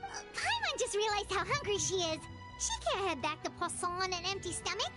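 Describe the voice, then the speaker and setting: A woman voicing a small, eager fairy companion girl in a game, talking in a bright, wheedling way. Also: very high-pitched, very animated, a little fast. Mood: coaxing. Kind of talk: game voice acting. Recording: game audio under music.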